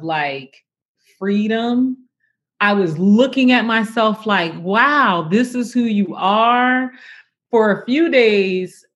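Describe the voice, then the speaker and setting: Slow, reflective woman, slightly muffled. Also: medium pitch. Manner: reflective and emotional, with many fillers. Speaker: interview guest. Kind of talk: personal conversation.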